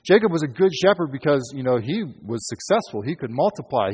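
A man's voice: a little high, sing-song, brisk, a little mellow, breathy edge, muffled recording. A man preaching a sermon as pastor, in a conversational, emphatic way with casual fillers. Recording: hall with long reverb.

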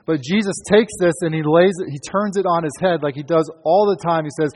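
Male pastor, husky voice, conversational emphatic sermon, long hall echo. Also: fairly high pitch, fast talker. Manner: conversational, emphatic preaching with fillers.

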